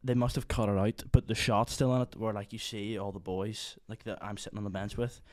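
A man's voice: fairly low pitch, little pitch movement, a little fast, dry recording. A young man with a Northern Irish accent telling a rambling story in casual chat with friends, full of fillers and asides.

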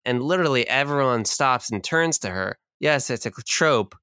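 A man co-hosting a casual chat, joking loudly with heavy swearing and mock outrage. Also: medium pitch, expressive, moderate pace, clean tone, no echo, clean studio sound. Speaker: podcast co-host.

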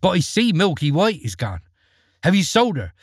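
A man voicing a shrill, fierce-tempered peasant mother who scolds in rapid outbursts in a storybook reading. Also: wildly swooping pitch, husky, no room sound, clean studio sound, exaggerated voice. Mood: eager.

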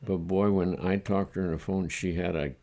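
An older man from the United States, reflecting in a halting, chuckling way during an oral history interview. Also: deep voice, fairly even intonation, a little mellow. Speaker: interviewee recalling his childhood.

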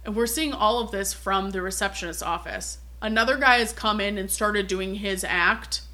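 Bright-voiced woman, sweary podcast host. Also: mid-range voice, normal speed. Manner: swears freely, acts out quotes. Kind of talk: casual chat retelling a film.

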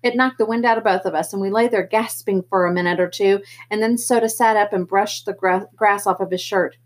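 A woman reads a first-person novel aloud at home. Her voice is breathy and mid-pitched, her reading steady and unadorned. Small slips show it is an amateur reading. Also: a little fast, few pauses. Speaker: audiobook reader.

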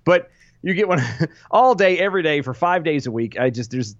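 A male podcast co-host chatting casually, chuckling often and fumbling for the right word. His voice is on the high side and swings up and down a lot. The sound is dull, lo-fi and dry, with no room echo. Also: expressive, normal speed. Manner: laughing, groping for words. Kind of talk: casual chat.

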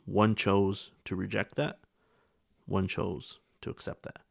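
Gravelly low-voiced man on a podcast. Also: little pitch movement, slow, no room sound, studio quality. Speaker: podcast co-host. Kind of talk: casual podcast discussion.

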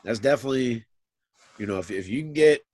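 A man's voice: medium pitch, animated, fairly quick, darkish tone, breathy edge, no room sound. A man co-hosting a casual sports talk show, musing and thinking aloud with frequent restarts.

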